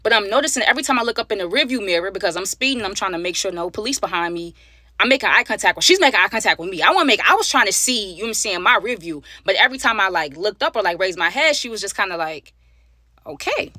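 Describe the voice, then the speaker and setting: Woman, story time vlog, animated, slangy, rapid, dry close sound. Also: medium pitch, no room sound. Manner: animated, slangy, talks straight to viewers. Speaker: storyteller, channel host.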